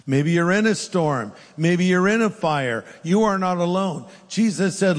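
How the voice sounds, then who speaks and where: A man preaching a sermon, telling scripture stories with animated emphasis. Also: high voice, a little slow, few pauses. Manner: animated storytelling, voices scripture characters. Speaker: pastor. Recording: long hall reverb.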